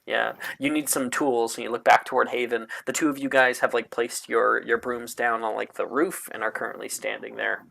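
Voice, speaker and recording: A man narrating a tabletop game as game master, slow and halting, full of fillers and little laughs. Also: mid-range voice, flat delivery, creaky, pushed and bright.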